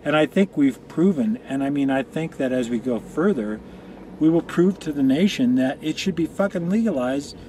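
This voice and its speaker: Animated and a little high-pitched, this mellow-voiced man talks at normal speed against slight background noise. A guest from Colorado on an easygoing chat show, he rambles through long stories packed with swearing and digressions, in a room where weed is being smoked.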